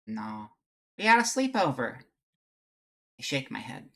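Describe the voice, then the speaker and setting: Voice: mid-range voice, big pitch swings, a little slow, creaky, a bit bright. A streamer chatting candidly with viewers and reading a visual novel aloud, with a rambling, restart-prone way of talking. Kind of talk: casual chat and visual novel read-through.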